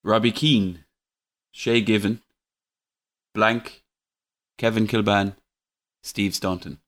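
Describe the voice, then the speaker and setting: Lower-voiced Irish man hosting a quiz. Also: slow. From Ireland. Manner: relaxed, chuckling, slightly tipsy banter. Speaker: quiz host. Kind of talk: casual podcast quiz.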